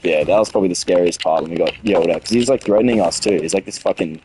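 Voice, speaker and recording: Racing along in a low, dark voice, a young Australian gaming streamer in his late teens rambles heatedly in casual stream chat, restarting often and swearing. The rough recording has a little hiss or hum.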